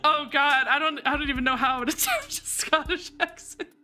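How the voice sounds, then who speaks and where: A woman's voice: high-pitched, sing-song, fairly quick, sharp tone, soft background music. A young woman streaming a game, laughing often, swearing, and making fun of herself. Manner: giggly, swears a lot, self-mocking. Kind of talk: casual game stream commentary.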